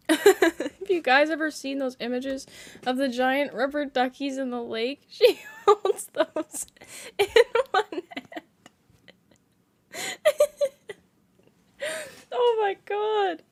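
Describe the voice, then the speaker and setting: A woman streamer with a very high voice chats casually on a live stream from her home setup and reads viewer comments aloud. She talks slowly and giggles constantly through her words, laughing to tears. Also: lively intonation. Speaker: game streamer.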